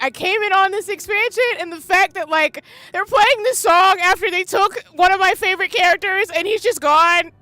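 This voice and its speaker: A woman's voice: extremely high pitch, sharp tone, dry recording. A woman game streamer reacting live, gushing and exclaiming while crying, with faint game music behind her.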